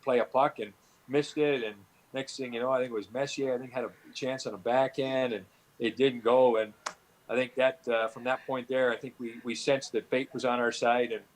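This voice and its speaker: A man's voice: mid-range voice, fairly even intonation, moderate pace, slight background noise, low-quality recording. A middle-aged man from Canada, a former hockey player, tells long stories in an interview, full of "you know" fillers and restarts. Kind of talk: storytelling interview answers.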